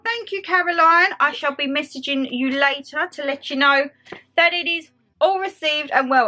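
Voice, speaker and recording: A young woman from England vlogging at home, chatting excitedly and gushing over gifts. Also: high voice. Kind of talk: casual chat.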